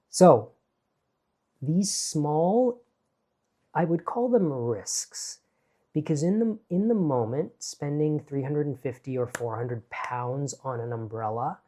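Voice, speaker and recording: A man talks straight to his viewers in a relaxed, storytelling manner, with a mellow, warm tone. His delivery is animated, and he slips into the voices of people in his tale. He sounds like a longtime vlogger sharing a personal story. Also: on the high side. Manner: animated, acts out voices in anecdotes. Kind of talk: casual storytelling to camera.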